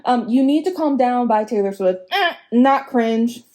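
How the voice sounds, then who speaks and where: A woman giving casual, opinionated commentary as a vlogger, frank and chatty, laughing and swearing as she goes. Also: a little slow. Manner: lively pitch swings for emphasis.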